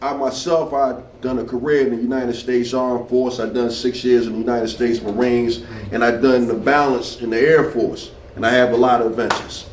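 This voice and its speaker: A man's voice: medium pitch, fairly even intonation, moderate pace, hardly any pauses, a little hiss or hum. A retired military man in his fifties doing a stand-up comedy set, telling loose stories and bantering with the crowd. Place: small club stage. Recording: roomy club sound from far off.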